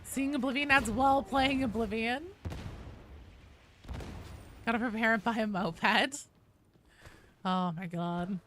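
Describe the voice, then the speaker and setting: A woman's voice: a little high, slow pace, long pauses, a bit bright. A woman in her thirties chatting casually with her stream viewers, rambling with lots of restarts and fillers. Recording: clear background noise.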